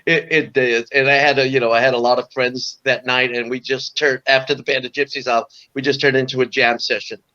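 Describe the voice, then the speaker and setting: A man's voice: mid-range voice, level tone, fairly quick, few pauses, pushed and bright, lo-fi sound. A man in his sixties from Orange County, telling musician stories as a guest in a casual, rambling way full of "you know". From Orange County, California. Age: 60s. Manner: rambling anecdotal, frequent "you know" and repeats. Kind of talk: casual storytelling interview.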